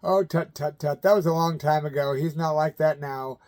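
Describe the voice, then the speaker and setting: A man's voice: fairly high pitch, moderate pace, a little mellow, natural voice. A man imitating an older woman who politely laughs off an awkward question in a story. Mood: airy dismissive. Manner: airy, dismissive, laughing it off.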